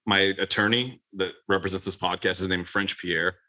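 Bright, low-voiced male podcast host. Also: steady tone, brisk. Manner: rambling, swears freely, laughs a lot. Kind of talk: casual podcast chat.

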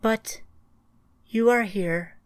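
A woman voicing an ancient, sorrowful female entity made of countless tiny machines, speaking in a calm, measured, solemn way in an audiobook. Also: on the high side, clean tone, no echo, pitched above the performer's own voice.

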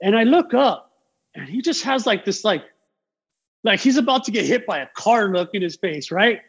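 A man who works as a tattoo artist, chatting casually as a podcast guest and telling stories in a rambling, animated way with lots of fillers. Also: high-pitched, moderate pace, husky. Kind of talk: casual podcast chat, storytelling.

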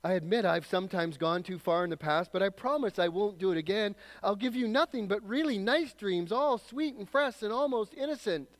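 A man voicing a small red lizard that begs and wheedles in a high, loud voice while reading a story aloud in a sermon. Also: expressive, fairly quick, few pauses. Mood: wheedling. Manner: high, loud, frantic begging. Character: pleading, wheedling little male red lizard.

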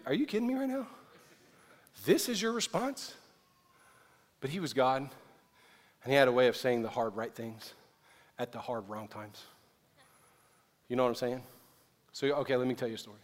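A man from the American South preaching a sermon, swinging from loud, urgent emphasis to hushed asides. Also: a little high. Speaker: pastor. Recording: long reverb of a large hall.

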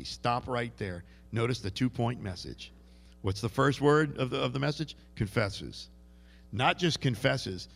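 A man's voice: medium pitch, very animated, measured pace, creaky, a bit bright. A man preaching a sermon in a conversational way, often repeating words and restarting. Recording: long reverb of a large hall.

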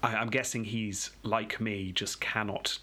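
English male podcast host, slightly low and husky, joking storyteller. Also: steady tone, measured pace, sharp tone. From England. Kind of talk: casual history chat.

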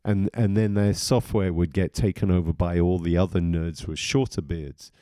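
A man with a low voice rambles through a casual podcast chat, cracking crude jokes. The sound is dry and close, with no room around it. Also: steady tone, moderate pace, mellow, no room sound. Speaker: podcast co-host.

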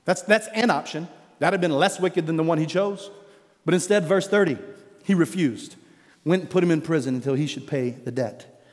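Pastor, male, emphatic sermon delivery, a bit high-pitched, long hall reverb. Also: fairly quick. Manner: emphatic preaching, rising to loud declarations then dropping low.

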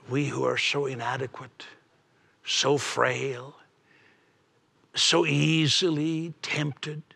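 A man's voice: a little high, vocal fry, pushed and bright, husky. A man preaching a sermon emphatically, with frequent stammered restarts and dramatic drops to a near whisper.

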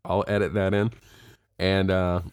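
A man's voice: low-pitched, little pitch movement, a little slow, clear, resonant tone, no room sound. A man hosting a podcast in casual chat, dry and sarcastic, steering the talk. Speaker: podcast host.

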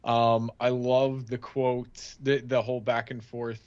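A man's voice: mid-range voice, little pitch movement, slow, darkish tone, dry recording. A man co-hosting a casual podcast, talking with enthusiasm and laughing as he recalls favorite film moments. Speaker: podcast co-host. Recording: dull, dry lo-fi sound.

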